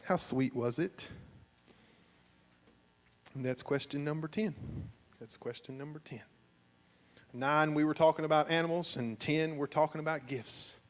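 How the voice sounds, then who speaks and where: A man's voice: a little high, unhurried, pauses often. A man, a pastor hosting a couples game show at his church, teasing and joking with the crowd. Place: church sanctuary, at the altar. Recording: long church hall reverb.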